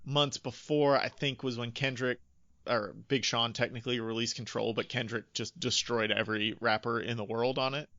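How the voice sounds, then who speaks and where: A man's voice: medium pitch, steady tone, moderate pace, bright, forceful tone, dry recording, muffled recording. A man co-hosting a podcast, chatting casually and animatedly as he breaks down rap lyrics, swearing freely. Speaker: podcast co-host.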